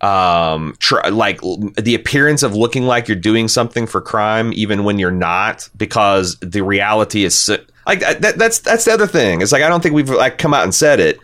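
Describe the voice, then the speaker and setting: A man's voice: fairly low pitch, expressive, moderate pace, hardly any pauses, a bit bright. A man hosting a casual podcast discussion, talking in a rambling way with many restarts and fillers. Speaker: podcast host.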